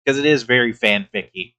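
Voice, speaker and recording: A man's voice: medium pitch, normal speed, sharp tone, clean tone. A man giving casual reaction commentary as a streamer host, laughing often, swearing, and restarting his sentences.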